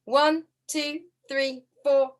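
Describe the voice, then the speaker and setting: A woman's voice: high-pitched, little pitch movement, very slow. A woman teaching a harp ensemble over a video call, friendly and encouraging, counting beats aloud and humming the parts. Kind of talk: online music lesson, counting beats. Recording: harp music under the voice.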